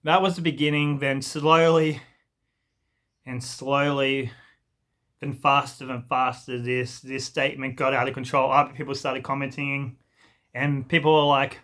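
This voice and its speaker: Exasperated young man ranting, bright voice. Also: mid-range voice, level tone, a little slow. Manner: exasperated, rambling, swears freely, mocks others in put-on voices. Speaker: vlogger. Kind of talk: ranting storytime monologue.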